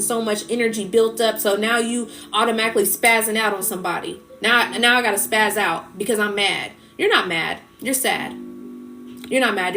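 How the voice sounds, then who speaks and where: A woman's voice: medium pitch, a bit bright. A woman speaking in on a casual livestream, preaching about emotions in an impassioned way and repeating her phrases. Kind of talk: casual live-stream talk.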